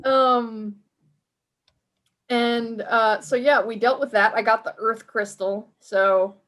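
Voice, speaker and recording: A woman's voice: on the high side, steady tone, takes it slowly, a bit bright. A woman co-hosting a podcast in casual gaming chat, chatty, swearing freely and acting out her own reactions as she talks. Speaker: podcast co-host.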